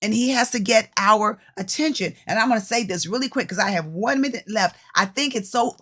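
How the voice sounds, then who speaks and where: A woman coach giving a casual devotional teaching, chatty and lively, often repeating phrases for emphasis and speaking straight to her listeners. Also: medium pitch, fairly quick. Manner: chatty, addresses listeners directly. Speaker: women's ministry coach.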